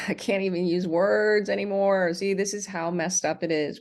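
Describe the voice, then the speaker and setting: Gravelly indignant woman ranting. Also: medium pitch, fairly even intonation, normal speed, a little mellow. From United States. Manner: indignant, rambling, many ums and restarts. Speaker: vlogger. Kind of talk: ranting livestream monologue.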